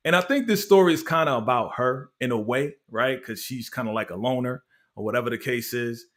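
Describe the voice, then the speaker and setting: A man's voice: medium pitch, fairly quick, a bit bright. A man hosting a casual show recap, telling it like a story in slangy talk and laughing often. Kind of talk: casual review chat.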